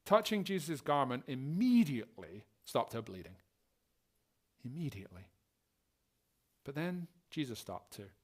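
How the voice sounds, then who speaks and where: A man's voice: mid-range voice, a little slow, pauses often. A male pastor preaching a sermon and telling stories, acting out the scenes as he goes. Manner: animated storytelling, acting out scenes.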